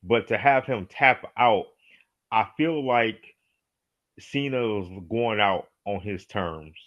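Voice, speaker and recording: A man co-hosting a casual wrestling podcast, relaxed and agreeable, often asking "you know what I mean?". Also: fairly low pitch, takes it slowly, dull audio. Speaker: podcast co-host.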